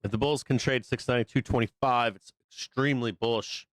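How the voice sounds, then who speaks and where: Hoarse man doing loose market commentary. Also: mid-range voice, a little fast, a bit bright, no echo. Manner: loose, profane, rambling, filler-heavy. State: hoarse, losing his voice. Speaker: host of a live trading show. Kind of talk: casual live market commentary.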